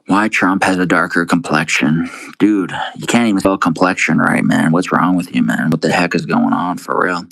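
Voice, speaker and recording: A man's voice: low-pitched, fairly bright tone, dry recording, low-quality recording. A young man on a casual livestream, reading viewer comments aloud and answering them with crude, profane, laid-back banter, calling everyone dude. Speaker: live streamer.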